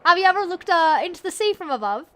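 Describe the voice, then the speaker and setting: A woman voicing a brusque British man on the phone, in a put-on British accent, loud and teasing. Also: very high-pitched, sing-song, quick pace, voice pushed up, heavily acted.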